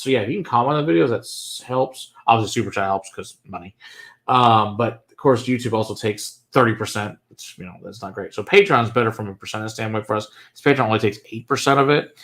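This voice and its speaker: A man's voice: mid-range voice, gravelly. A man hosting a whiskey livestream, chatting casually with viewers, answering their comments and laughing often.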